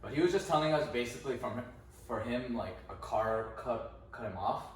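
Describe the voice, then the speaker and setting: A man's voice: mid-range voice, lively intonation, fairly quick, a little hiss or hum. A young man co-hosting a podcast, recounting events in a laid-back way full of fillers and slang. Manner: laid-back, filler-heavy, says 'bro' and 'like'. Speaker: podcast co-host. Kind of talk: casual storytelling chat. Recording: echoey room, mic at a distance.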